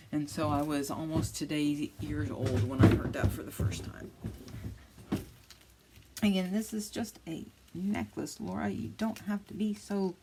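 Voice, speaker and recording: Over a noisy background, a low-voiced woman runs a relaxed crafting tutorial for her channel. Chatty by nature, she thinks out loud, mutters to herself, and scolds herself while working.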